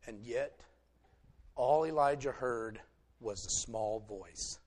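A male preacher delivering a sermon, retelling a story and swinging between loud emphasis and hushed asides. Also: mid-range voice, takes it slowly.

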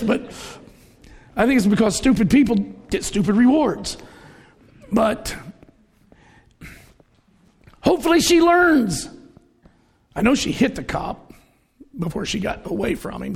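Middle-aged male preacher, high and gravelly, chatty storytelling sermon. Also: expressive, a little fast, a little mellow. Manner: conversational, storytelling, acts out quoted voices. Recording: reverberant hall.

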